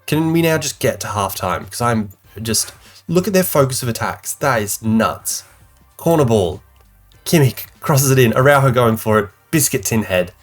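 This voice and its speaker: A man giving live commentary on his own football management game, calling plays and venting frustration as he goes. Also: lowish voice. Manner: animated, exasperated play-by-play commentary. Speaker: gaming YouTuber.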